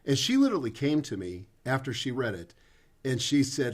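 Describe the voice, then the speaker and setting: A man's voice: mid-range voice, wildly swooping pitch, moderate pace. A middle-aged man hosting a podcast interview, answering with appreciation. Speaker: podcast host. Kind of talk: casual interview chat.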